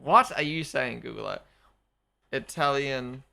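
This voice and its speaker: A young man live-streaming his reactions to a race broadcast, excitable and quick to repeat himself. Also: medium pitch, vocal fry.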